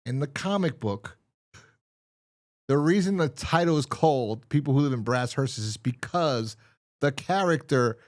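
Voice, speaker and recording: A man's voice: mid-range voice, lively intonation, measured pace. A man co-hosting a podcast in casual chat, rambling and exasperated as he retells a TV episode and acts out its lines. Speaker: podcast co-host.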